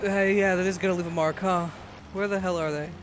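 A man giving casual, excitable gameplay commentary, often breaking into laughter and shouting at the game. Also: high voice, fast talker, background noise. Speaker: gaming video creator. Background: game music.

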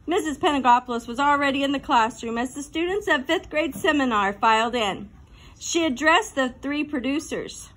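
High-voiced woman narrating a children's book. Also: moderate pace, a bit bright. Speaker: audiobook narrator. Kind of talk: storybook narration.

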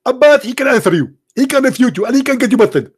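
A man's voice: very high-pitched, expressive, quick pace, husky, voice pushed up, exaggerated voice. A man putting on the voice of a pompous, overconfident preacher who declares every answer certain. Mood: insistent.

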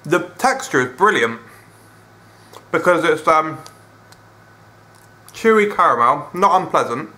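A man's voice: a little high, lively intonation, unhurried, long pauses, bright, forceful tone. A British man casually reviewing a snack, rambling and hesitant, talking with his mouth full. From United Kingdom. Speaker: food reviewer. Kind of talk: casual food review vlog.

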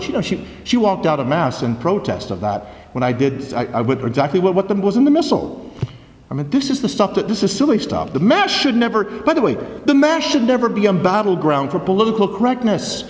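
A man preaching a forceful homily as a priest, full of rhetorical questions. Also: high-pitched, very animated, brisk. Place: large church. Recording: echoey church from a distance.

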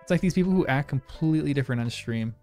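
Rambly streamer guy doing a crossword, gravelly fry in his voice, laughs a lot, faint music behind. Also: a little high, lively intonation, racing, dark tone. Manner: rambling, laughs often, talks to chat. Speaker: livestreamer. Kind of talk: casual chat while solving a crossword.

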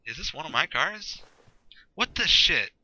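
A man's voice: on the high side, sing-song, a little slow, sharp tone, slight background noise, poor audio. Swearing, sarcastic man commenting on a game. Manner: rambling, sarcastic, swears a lot, talks to himself. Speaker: gameplay video host. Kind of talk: casual gameplay commentary.

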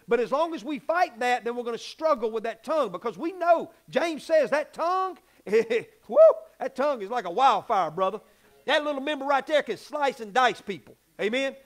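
A pastor preaching a folksy, animated sermon that acts out little scenes. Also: male voice, very high-pitched.

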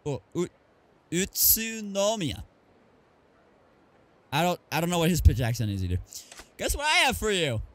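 A man's voice: a little high, huge pitch swings, fast talker, a bit bright. A man streamer chatting casually over gameplay, reading item names aloud and joking about the game.

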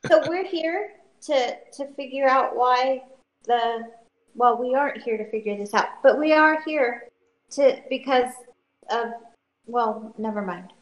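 A woman playing a tabletop game on a live stream, quick and playful, often stopping and restarting. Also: high voice, echoey room, poor audio. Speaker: player.

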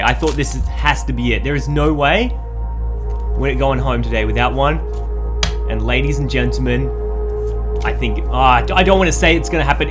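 Casting: male YouTube host, fairly high voice, hyped, hushed one moment, loud the next. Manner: excitable, swings between hushed and loud hype. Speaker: YouTube host opening card packs. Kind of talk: casual vlog commentary. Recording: background music under voice.

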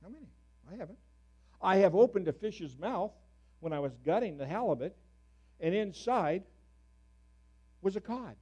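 A middle-aged man preaching a sermon as a pastor, telling stories with sudden loud, animated bursts. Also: high-pitched, moderate pace, long pauses, husky, muffled recording.

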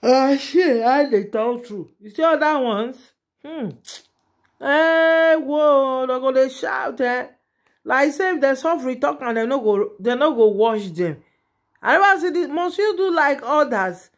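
A woman's voice: sits high, animated, a little slow. A woman with a Nigerian Pidgin accent giving chatty, exclamatory gossip commentary straight to her viewers as a vlogger.

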